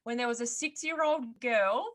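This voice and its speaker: A woman's voice: a little high, normal speed, a bit bright. A woman hosting a podcast, telling a story in casual chat with sardonic asides and frequent laughs.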